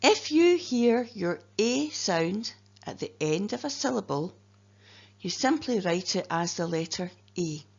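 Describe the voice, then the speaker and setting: A Scottish woman guides young learners through a phonics lesson, sounding out each word and letter with patient care. She speaks slowly at a middling pitch. The recording is a little muffled and lo-fi. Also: big pitch swings, a little mellow. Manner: slow, careful, clearly spelling out letters and sounds. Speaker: teacher. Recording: dull lo-fi recording.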